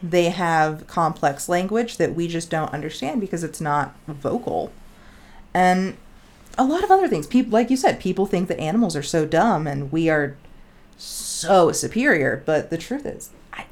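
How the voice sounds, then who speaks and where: A woman co-hosting a laid-back podcast, her voice sitting a little low for a woman. She rambles in a chatty way, drifting into tangents and sprinkling in "like". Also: sing-song, normal speed. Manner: rambling and chatty, often says "like". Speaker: podcast co-host. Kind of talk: casual podcast chat.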